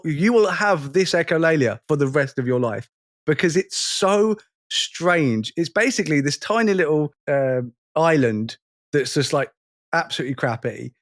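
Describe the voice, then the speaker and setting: Lively man telling stories. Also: fairly high pitch, no echo, clean studio sound. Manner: animated, laughing storyteller. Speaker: podcast co-host. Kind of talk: casual chat.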